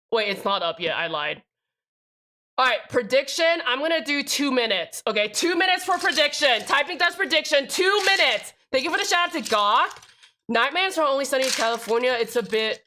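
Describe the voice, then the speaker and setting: Building a keyboard on a livestream, this young woman speaks in a fairly high, fairly bright voice. Her talk is casual and rambling, full of abandoned thoughts, free swearing and replies to chat.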